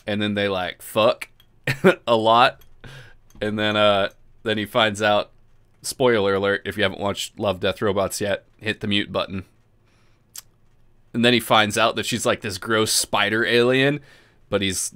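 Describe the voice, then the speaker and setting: A livestream host with a voice on the low side, fairly bright and clean in tone, chats loosely and laid-back with viewers. He swears often and laughs as he talks, drinking beer and burping along the way.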